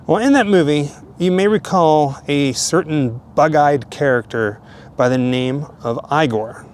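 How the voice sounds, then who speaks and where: A man hosting a vlog, narrating casually at a cemetery in a relaxed, chatty way. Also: fairly high pitch, unhurried, a little hiss or hum. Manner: relaxed, chatty, chuckling asides. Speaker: vlogger, host. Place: outdoor cemetery.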